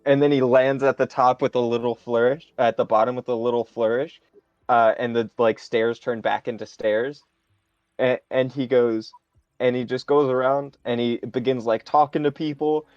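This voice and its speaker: Male game master, mid-pitched, halting improvised narration over dull, dry lo-fi stream audio. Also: fairly even intonation, darkish tone, smooth, no room sound.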